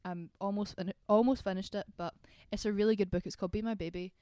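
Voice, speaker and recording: A woman's voice: medium pitch, fairly even intonation, quick pace, warm tone, clean tone, no echo. A young Scottish woman co-hosting a casual book podcast, bubbly and gushing, laughing easily. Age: young adult. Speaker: podcast co-host. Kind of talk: casual chat.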